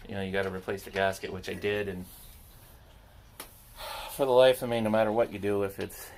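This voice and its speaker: A landscaping business owner with a lowish, somewhat dark voice speaks a little fast in a level tone while repairing equipment. He chats casually to himself, rambling and teasing himself, with slight noise behind him.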